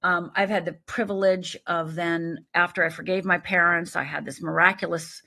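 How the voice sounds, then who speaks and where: A woman in her sixties, a life coach, telling her story as an interview guest in an animated way, often asking "right?". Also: on the low side, normal speed. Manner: animated, tags thoughts with "right?".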